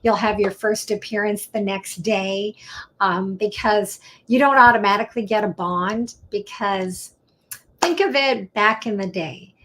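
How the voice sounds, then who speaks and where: A middle-aged woman, a defense attorney, explaining the law in a chatty, animated way and acting out quoted exchanges. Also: medium pitch, measured pace. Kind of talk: casual explainer talk.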